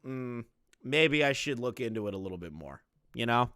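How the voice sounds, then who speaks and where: A man reacting to clips with blunt, swearing commentary and frequent laughter. His voice sounds bright and forceful. It is dry and close, with no room sound. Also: medium pitch, animated, moderate pace, clear, resonant tone, dry recording. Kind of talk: casual profane commentary.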